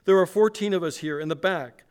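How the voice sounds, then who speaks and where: A preacher reading a frightened plane passenger. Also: male voice, high-pitched, fairly quick, clean tone, voice pushed up, lightly acted. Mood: urgent. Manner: urgent, pressed, raised read-aloud delivery. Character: frightened male airline passenger calling for help.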